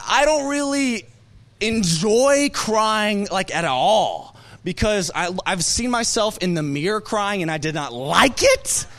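A young male preacher with a high, bright-pitched voice that swings up and down all the time. He talks to his church like he's telling stories to friends, joking and full of fillers. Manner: animated, joking, storytelling with many fillers. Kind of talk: conversational sermon. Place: church service.

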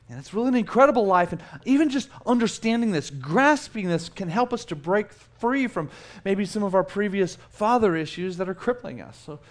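A man in his forties from South Texas, preaching a sermon in an animated, conversational way with self-mocking humor. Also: high voice. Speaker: pastor.

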